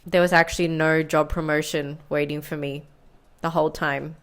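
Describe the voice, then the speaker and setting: A woman's voice: deep voice, flat delivery, normal speed, a bit bright, a little hiss or hum. Candid woman telling a personal story. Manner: candid, confessional, laughs at herself. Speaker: science vlogger. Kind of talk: storytime vlog.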